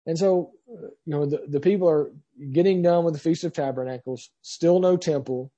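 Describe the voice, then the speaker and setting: Man, Bible teacher, husky mellow voice, reads scripture then explains with many fillers. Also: on the high side, moderate pace, highs cut off.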